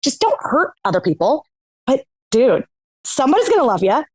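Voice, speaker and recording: A woman's voice: high voice, wildly swooping pitch, moderate pace, a little mellow, slightly rough, dry recording. A woman guest on a podcast, talking candidly with a lot of swearing and laughter. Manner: candid, profane, laughs often. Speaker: podcast guest, reality TV competitor. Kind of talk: casual chat.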